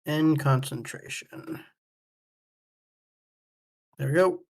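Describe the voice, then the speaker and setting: Low-voiced woman player, matter-of-fact. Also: very slow, darkish tone, breathy edge, no room sound, studio quality. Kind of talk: casual tabletop play.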